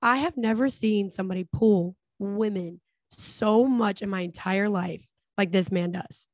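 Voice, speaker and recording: A woman's voice: mid-range voice, a little slow, no echo, clean studio sound. A woman co-hosting a podcast in crude casual chat, blunt and profane, laughing easily. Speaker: podcast co-host.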